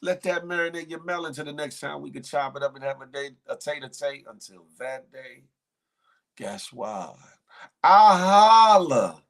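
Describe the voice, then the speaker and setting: A man's voice: mid-range voice, little pitch movement, brisk, gravelly, hardly any pauses, fairly bright tone. A man hosting a live morning show, casually chatting and reading viewer comments with playful banter, frequent laughter and slangy speech. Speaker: show host.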